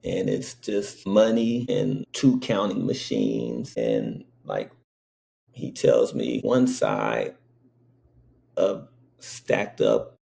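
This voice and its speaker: A man's voice: low-pitched, sing-song, very slow, creaky, mellow. A man casually telling a personal story in a rambling way, often checking in with the listener. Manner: rambling, frequently checks in with "okay?".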